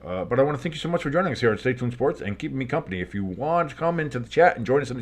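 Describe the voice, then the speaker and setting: A tired, yawning man hosting a live football stream, calling the plays with loose, rambling chatter and sudden excited calls. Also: mid-range voice, rapid-fire, hardly any pauses. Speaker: play-by-play streamer and show host. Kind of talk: live play-by-play commentary with reactions.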